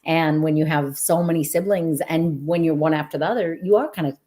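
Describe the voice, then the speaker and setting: Low-voiced affirming woman podcast host. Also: fairly quick, dark tone. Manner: earnest, affirming, reflective. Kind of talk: casual podcast conversation.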